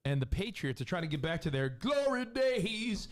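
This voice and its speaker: A man bantering on sports talk radio, animated and joking. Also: high-pitched, moderate pace.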